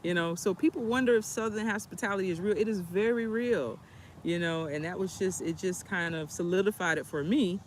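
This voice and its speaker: A woman's voice: lowish voice, fairly quick, slight background noise. Chatty woman telling a story outdoors. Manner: chatty, rambling, lots of fillers. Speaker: travel vlogger. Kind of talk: casual storytime livestream. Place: outdoors on a bench.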